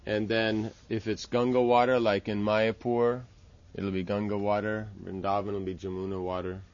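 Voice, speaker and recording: A man's voice: fairly low pitch, flat delivery, normal speed, a little mellow, dull audio. A man teaching the steps of a temple worship ritual, explaining patiently and often checking with "right?". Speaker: religious teacher. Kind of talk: instructional talk on temple worship.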